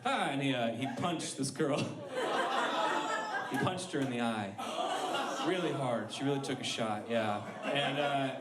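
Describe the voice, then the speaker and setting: A man's voice: mid-range voice, unhurried, pauses often, recorded from a distance, a crowd in the background. A man in his thirties performing a rambling, self-deprecating stand-up set on a comedy club stage. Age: 30s. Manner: rambling, self-deprecating storytelling with act-out voices. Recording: echoey club room with ambient noise.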